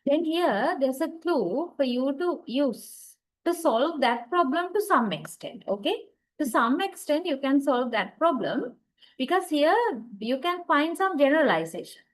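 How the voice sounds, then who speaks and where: A woman with a Sri Lankan English accent lectures on linguistics at a university, regularly pausing for "okay" and "right." Her voice sits high with lively intonation, and she goes a little slowly. The recording is low-quality.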